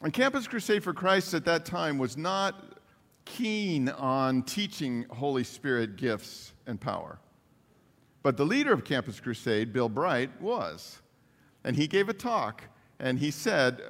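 Animated male preacher in a reverberant hall. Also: medium pitch, measured pace. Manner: animated, acts out quotes, laughs often. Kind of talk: sermon storytelling.

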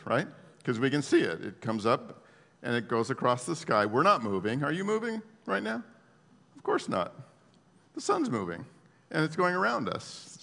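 Male preacher, gravelly voice, animated sermon delivery with big dynamic swings, long hall reverb. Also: mid-range voice. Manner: laughs at his own asides.

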